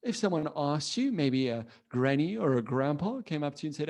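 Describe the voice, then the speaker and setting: Playful, lively man teaching kids to code. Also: a little high, a little fast, few pauses. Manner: playful, animated, asks children questions. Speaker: coding teacher. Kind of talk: live online children's lesson. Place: at home by his computer.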